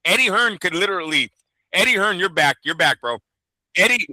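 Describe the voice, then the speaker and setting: A man's voice: high voice, animated, fairly quick, bright, forceful tone, no echo. A man co-hosting a boxing talk show, chatting casually and profanely, rambling through stories and acting out quotes. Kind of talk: casual podcast chat.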